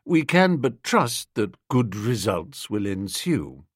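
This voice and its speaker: A man voicing a middle-aged male valet who speaks in a formal, measured, unflappable way. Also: medium pitch, sing-song, no room sound, clean studio sound. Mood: deferential.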